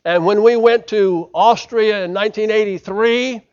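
An American man preaching a sermon, swinging from loud emphasis to hushed delivery and acting out quoted lines. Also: high-pitched, normal speed, smooth, muffled recording. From United States. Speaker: pastor.

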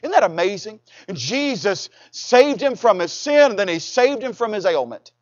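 A man's voice: high-pitched, very animated, normal speed, no echo, muffled recording. A man preaching a sermon in a folksy, conversational way, with humorous asides, who reads scripture aloud in old-fashioned wording. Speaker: pastor.

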